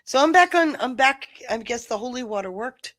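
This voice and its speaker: A woman's voice: fairly high pitch, animated, moderate pace, fairly bright tone, no room sound. A woman co-hosting a live stream, chatting casually in a rambling, self-deprecating way and laughing easily. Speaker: co-host of a live stream show. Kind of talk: casual chat.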